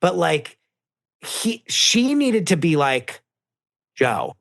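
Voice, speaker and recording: Animated man acting out quotes. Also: sits high, slow, creaky, no room sound, clean studio sound. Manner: animated storyteller, acts out quotes in shifting voices. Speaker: reality TV producer, guest co-host. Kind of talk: casual podcast chat.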